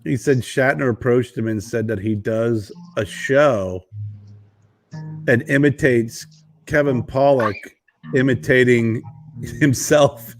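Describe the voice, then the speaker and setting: A man's voice: mid-range voice, slow pace, faint music behind. Laughing, rambling male podcast co-host. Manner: animated storyteller, laughs often, rambling restarts. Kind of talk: casual chat.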